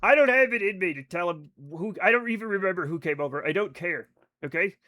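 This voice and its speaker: A man livestreaming a space game, chatting casually with viewers, excitable and rambling with plenty of swearing. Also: high voice, brisk. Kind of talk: casual chat with stream viewers. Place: home at night.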